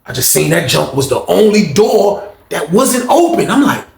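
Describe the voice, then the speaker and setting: A man telling a casual storytime in slangy, animated speech, acting out what people said. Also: high voice, normal speed, vocal fry. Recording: roomy echo.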